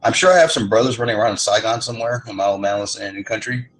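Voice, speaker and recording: A man's voice: fairly low pitch, rapid-fire, fairly bright tone, poor audio. A middle-aged man chatting casually, telling rambling stories with a lot of swearing. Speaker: lobby chat participant. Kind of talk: casual chat.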